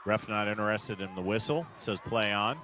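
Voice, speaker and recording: Low-voiced man calling soccer outdoors. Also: moderate pace, noisy background. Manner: steady play-by-play, rises sharply on big chances. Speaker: play-by-play commentator. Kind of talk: live soccer commentary.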